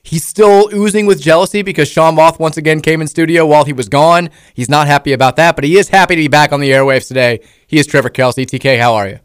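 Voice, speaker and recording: A man's voice: a little high, fast talker, hardly any pauses, clear, resonant tone, no echo. Man, sports talk host, chatty and teasing, close dry studio mic. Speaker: radio show host. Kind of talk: sports talk radio chat. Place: radio studio. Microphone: studio microphone.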